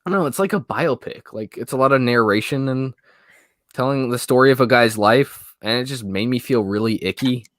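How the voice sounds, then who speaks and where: A man's voice: mid-range voice, brisk, a bit bright, no room sound. A young man speaks as a guest in a casual interview. He rambles and hedges, leaning on fillers and trailing off. The sound is dry and close, with no room around it. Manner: hesitant, rambling, many fillers and "I don't know". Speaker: guest, movie YouTuber.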